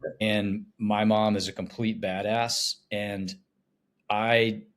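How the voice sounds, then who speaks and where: A man in his thirties talking on a podcast in an animated, emotional way, often laughing. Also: on the low side, takes it slowly. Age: 30s.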